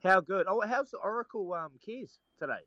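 A man's voice: sits high, lively intonation, normal speed, pushed and bright, no room sound, lo-fi sound. A man, calling in from a holiday resort to tell a story in casual banter, often laughing mid-sentence. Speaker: sports radio regular calling in from holiday. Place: holiday resort abroad, remote call.

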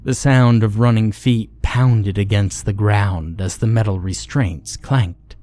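A man narrating a scary story in a measured, steady delivery. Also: lowish voice, no echo. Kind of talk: scripted horror story narration.

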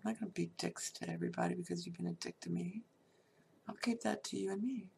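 Middle-aged woman, gravelly voice, candid and blunt personal storytelling, slight background hum. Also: on the low side, steady tone, fast talker, a little mellow. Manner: candid, blunt, swears freely.

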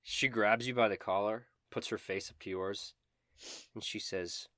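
Game master, male, low voice, dry close sound, steady narration. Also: measured pace, no room sound.

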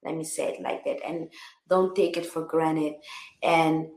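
Woman, songwriter guest, lowish pitch, reflective, repetitive phrasing, roomy echo. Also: flat delivery, a little slow, a little mellow. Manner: reflective, repeats words and restarts often. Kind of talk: casual interview chat.

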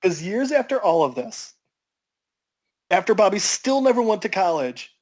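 A man on a podcast telling a story to friends, animated and building suspense. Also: high voice, moderate pace. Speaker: podcast co-host. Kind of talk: casual storytelling.

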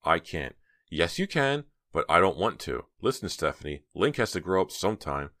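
A man's voice: low-pitched, sing-song, normal speed, sharp tone, no echo, clean studio sound, exaggerated voice. A man voicing a defensive teenage girl, talking in tense, clipped lines.

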